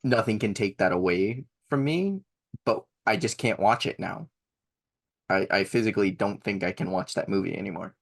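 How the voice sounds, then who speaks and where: A man's voice: on the low side, normal speed. A young man co-hosting a podcast in casual chat, enthusiastic and rambling, laughing often. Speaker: podcast co-host.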